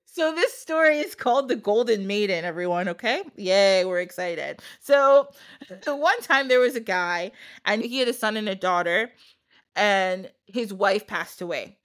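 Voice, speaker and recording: A woman's voice: medium pitch, lively intonation, moderate pace, fairly bright tone. A woman podcast host retelling a folk tale in a casual, chatty way, laughing often and dropping slangy asides. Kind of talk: casual storytelling.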